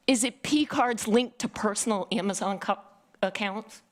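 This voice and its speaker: Nervous woman grilling a council. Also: mid-range voice. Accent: Northeastern US. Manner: nervous, pointed rapid questions. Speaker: public commenter. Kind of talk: public comment at a council meeting. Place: town council chamber.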